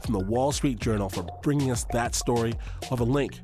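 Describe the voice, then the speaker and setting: A man's voice: mid-range voice, brisk, music in the background. Male radio host reading credits. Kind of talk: show outro and credits.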